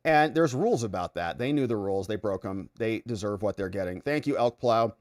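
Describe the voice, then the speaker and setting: A man's voice: fairly low pitch, animated, fairly quick, a little mellow. A middle-aged man hosting a livestream in casual chat, reading viewer comments aloud and telling jokey stories. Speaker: livestream host.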